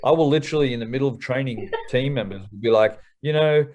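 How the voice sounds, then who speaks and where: A man in his thirties with an Australian accent, a hip-hop artist telling stories in a casual interview, candid and quick to swear. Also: mid-range voice, a little mellow. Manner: candid, swears freely, fast slangy storytelling.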